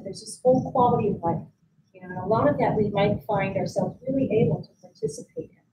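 Calm woman guiding mindfulness. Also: mid-range voice, a little hiss or hum, rough recording. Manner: calm, gentle, leads practices with pauses. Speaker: mindfulness instructor. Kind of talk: guided mindfulness teaching at a conference. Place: conference room.

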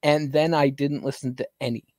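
A man's voice: medium pitch, fairly even intonation, a little fast, darkish tone, dry recording, clean studio sound. A man playing in a tabletop campaign, chatting on a podcast in an earnest, rambling way. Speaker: player, podcast co-host. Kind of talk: casual podcast chat.

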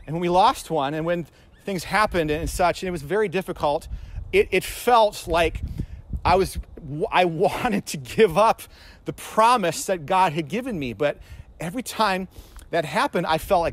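A man with a high-pitched voice delivers a sermon as pastor. He talks in an earnest, personal way, repeating words as he finds his phrasing, and builds toward emphatic questions for his listeners. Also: animated, normal speed, slight background noise.

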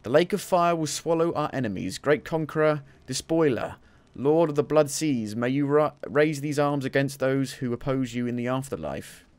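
A man voicing a solemn ancient male worshipper, intoning slow archaic prayers in a grand manner. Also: mid-range voice, a little mellow, no room sound, lightly acted. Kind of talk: reading game inscriptions aloud in a put-on voice.

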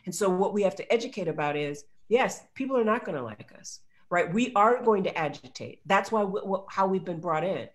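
A woman's voice: mid-range voice, lively intonation, fairly quick, few pauses. Emphatic woman on a video call. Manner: emphatic, storytelling with asides. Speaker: guest speaker. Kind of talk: webinar talk. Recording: video call audio, drops out.

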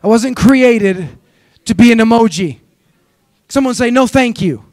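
High-voiced energetic man preaching. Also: measured pace, no echo. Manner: energetic, exhorting, repetitive call-and-response. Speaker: guest preacher. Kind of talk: sermon. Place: church sanctuary.

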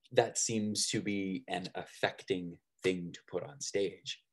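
A man with a somewhat low voice delivers a recorded lecture on theater. His delivery is loose and conversational, dotted with fillers and little "right?" check-ins. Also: measured pace, few pauses, breathy edge.

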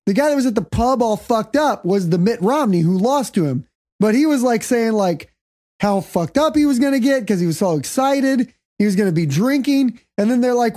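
A woman hosting a casual comedy podcast, telling rambling stories in a loud, profane way. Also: a little high, lively intonation, brisk. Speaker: podcast host.

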